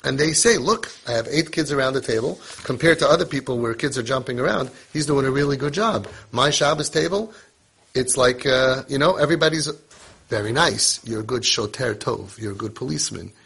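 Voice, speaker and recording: A man's voice: medium pitch, brisk, creaky, fairly bright tone, husky. A middle-aged man teaching a casual parenting lesson, mixing Hebrew and Yiddish terms into his conversational talk.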